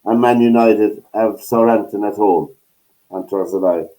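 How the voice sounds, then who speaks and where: A man's voice: fairly low pitch, a little slow, a crowd in the background, low-quality recording. A man hosting a sports chat show, running through fixtures and agreeing often with his panel. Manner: runs through fixtures, lots of agreeing yeahs. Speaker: host.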